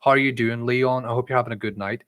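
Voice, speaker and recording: Talking fast and loosely on his stream, this young Northern Irish host answers viewers' questions and reads their chat messages out loud, rambling with plenty of "um" and "like." Years abroad have shifted his Irish accent into a mix; his voice is smooth, fairly bright, mid-pitched, with fairly even intonation.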